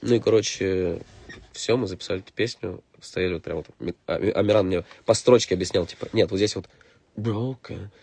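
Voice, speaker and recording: A man's voice: low-pitched, fast, creaky, a little mellow, slightly rough. A man with a Russian accent, hosting a casual livestream from a recording studio, talking loosely with lots of swearing and laughter. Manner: loose and profane, laughs often. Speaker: stream host and rapper.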